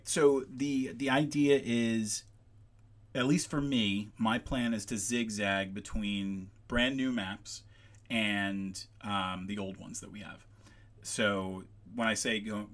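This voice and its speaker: A man hosting a casual livestream while he works, rambling off on tangents with lots of ums, his voice gravelly at times. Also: fairly low pitch, a bit bright. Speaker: livestream host making maps.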